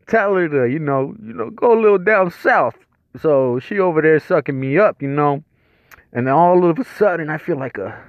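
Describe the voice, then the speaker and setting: A man's voice: mid-range voice, no echo. A man telling a crude comic story in a rambling, profane way, chuckling between lines. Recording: dull lo-fi dry recording.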